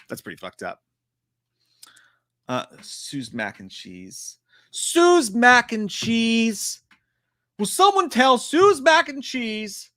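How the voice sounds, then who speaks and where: Animated, foul-mouthed male stream host. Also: mid-range voice, dry recording, studio quality. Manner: profane, animated and joking. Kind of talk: casual live-stream chat reacting to horror trailers.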